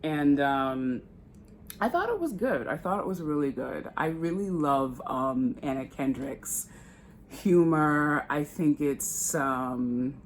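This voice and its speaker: This American beauty vlogger does a casual get-ready-with-me chat, speaking candidly and swearing offhandedly as she preps on camera. She takes it slowly in a low voice with lively intonation, over a little hiss or hum.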